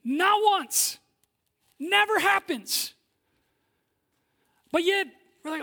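A male pastor preaching a sermon with lively energy, swinging between loud emphasis and hushed moments, acting out quoted voices. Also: very high-pitched, slow pace, vocal fry, pauses often. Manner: acts out quoted voices of listeners and God.

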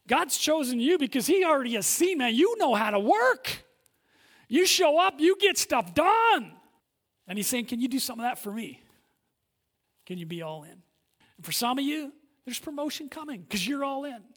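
A male pastor preaching a sermon with lively energy, swinging between loud emphasis and hushed moments, acting out quoted voices. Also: very high-pitched, moderate pace. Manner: acts out quoted voices of listeners and God.

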